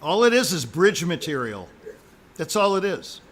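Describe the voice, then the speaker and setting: A man's voice: a little high, big pitch swings, normal speed, fairly bright tone. A man giving a musician live spoken feedback as an audition judge, emphatic and jokey, repeating his points.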